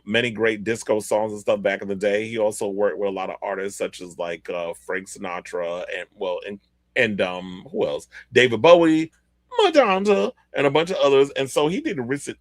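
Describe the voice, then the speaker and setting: Low-voiced man hosting a chatty podcast. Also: no echo. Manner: chatty, reads article excerpts aloud with asides. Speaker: podcast host. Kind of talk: casual pop-culture commentary.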